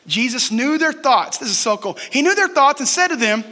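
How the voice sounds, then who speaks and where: High-voiced bright pastor in a reverberant hall. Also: male voice, lively intonation, fairly quick, hardly any pauses. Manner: conversational, asks the crowd questions and jokes. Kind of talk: sermon. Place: church sanctuary.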